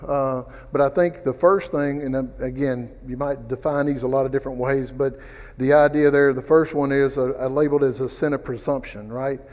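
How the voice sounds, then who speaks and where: A man teaches a Bible study in a relaxed, rambling way, drifting into personal stories and asides. His voice sits at an ordinary pitch. A long reverb trails after his words in the church classroom. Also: brisk.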